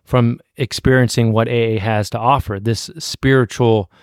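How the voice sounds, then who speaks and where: A man's voice: mid-range voice, fairly even intonation, moderate pace, clear, resonant tone, no room sound, clean studio sound. A man speaking as a guest in recovery, sharing earnestly and repeating words as he thinks. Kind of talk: reflective personal sharing.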